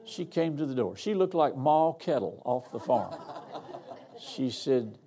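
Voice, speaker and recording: A man's voice: medium pitch, lively intonation, unhurried, vocal fry, mellow, slightly rough. An older man, a guest pastor preaching a sermon in a folksy, humorous, storytelling way. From Arkansas. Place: church.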